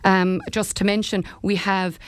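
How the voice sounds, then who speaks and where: A woman's voice: medium pitch, flat delivery, unhurried, smooth, no echo, clean studio sound. A middle-aged woman, head of a local enterprise office, talking earnestly in a radio interview with frequent fillers and restarts. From Ireland.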